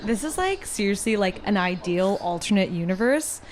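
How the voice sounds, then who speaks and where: A Canadian woman co-hosting a casual movie reaction, quick with quips and casually swearing. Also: mid-range voice, expressive. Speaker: co-host.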